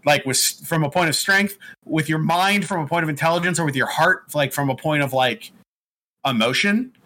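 A man in casual chat, recapping a video game story in a rambling, profane way and dropping into quick put-on voices. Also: a little high, bright, forceful tone, slight background noise.

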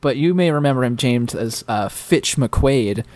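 A man's voice: mid-range voice, lively intonation, measured pace, a little mellow. A man co-hosting a podcast in casual chat, eager and rambling with chuckling asides. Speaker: podcast co-host.

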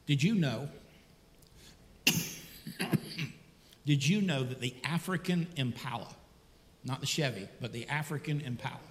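A man preaching a sermon, talking in a lively, conversational way and throwing out rhetorical questions. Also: mid-range voice. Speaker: pastor. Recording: echoey hall.

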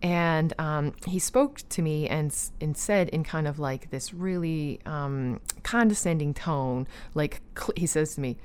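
A woman talking casually about her own life, earnest, with lots of fillers and restarts, growing animated when she retells disagreements. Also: low voice, normal speed, few pauses, clean tone. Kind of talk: personal storytelling chat.

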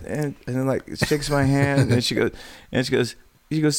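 A man's voice: medium pitch, fairly even intonation, moderate pace, no echo. A man hosting a casual podcast, telling rambling, profane stories. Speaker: podcast host.

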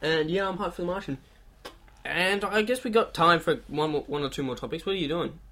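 A man's voice: on the high side, a little fast, bright, forceful tone. A man co-hosting a casual podcast, chatting and teasing his friend with plenty of swearing. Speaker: podcast co-host.

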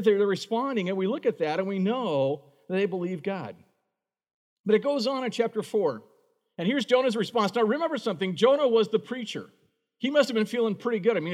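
A high-voiced man preaches in an easy, conversational way. He slips into acted voices for the people he quotes, jumping well up in pitch. His voice rings with the long reverb of a church hall. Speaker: pastor. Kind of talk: sermon.

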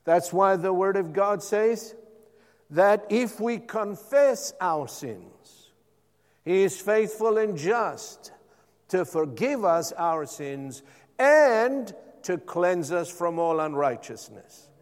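High-voiced male preacher in a reverberant hall. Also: animated, slow. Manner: call-and-response preaching, repeated "Amen?". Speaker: pastor. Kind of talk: sermon.

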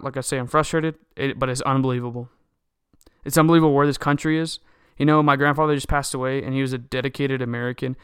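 A man's voice: medium pitch, a bit bright, clear, resonant tone, no echo, clean studio sound. Heated man ranting on a podcast. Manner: heated, indignant, repetitive ranting. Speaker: podcast host. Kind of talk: political commentary monologue.

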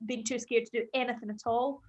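A woman co-hosting a podcast, chiming in with gentle, slightly tentative questions. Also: on the high side, fairly even intonation, fast talker, muffled recording. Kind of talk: casual podcast chat.

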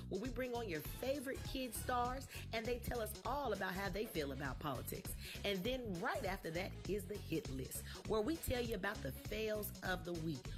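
Woman host, brash promo read, slightly high voice over a bed of music. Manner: sassy, emphatic, repeats lines for effect. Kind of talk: upbeat promo pitch.

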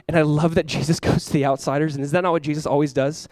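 A fast, high-voiced male pastor delivering a sermon. He preaches with animation and acts out the voices in the story. The sound is dry and close. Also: no echo. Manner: animated preaching, acts out biblical voices, swings between loud and hushed.

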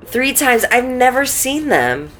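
A woman's voice: high-pitched, sing-song, takes it slowly, fairly bright tone, a little hiss or hum. A woman co-hosting a casual chat, mostly giving brief agreeing replies. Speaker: podcast co-host.

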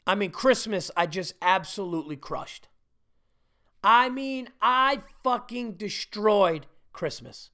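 A man's voice: sits high, expressive, takes it slowly, pushed and bright. A middle-aged man hosting a podcast, telling profane, self-mocking stories in a rambling casual monologue. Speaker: podcast host.

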